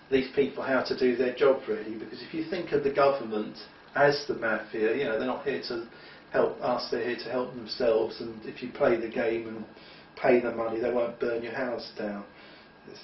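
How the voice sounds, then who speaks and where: A man delivers an opinionated, rambling monologue marked by emphatic restarts. His voice is medium-pitched with slight background noise, and the recording sounds roomy, distant and dull lo-fi.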